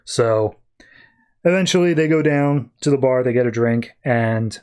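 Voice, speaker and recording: A man on a podcast casually recapping a comic book plot, rambling with lots of fillers and quick offhand quotes. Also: mid-range voice, darkish tone, smooth.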